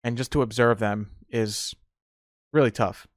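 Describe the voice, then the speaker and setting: A man's voice: medium pitch, steady tone, a little slow, dry recording, studio quality. A young man hosting a casual solo podcast, telling rambling stories with laughter and restarts. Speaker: podcast host.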